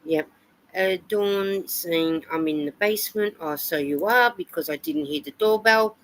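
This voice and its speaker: A woman's voice: medium pitch, expressive, a little slow, creaky, poor audio. An Australian woman hosting a live stream, chatting casually and reading out viewer comments and weather reports. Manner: chatty, reads comments and weather aloud with fillers.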